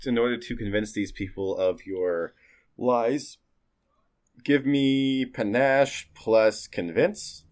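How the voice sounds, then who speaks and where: A man's voice: mid-range voice, takes it slowly, a little mellow. A man narrating as game master of a tabletop game in a chatty way, laughing and using lots of fillers.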